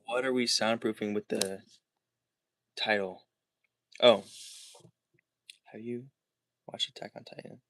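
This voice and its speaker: A young man talks casually to his livestream chat, rambling and restarting his sentences as he goes. His voice sits low, and the room sounds dry and close, with almost no echo. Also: fairly even intonation, a bit bright. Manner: rambling, halting, many restarts. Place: his bedroom.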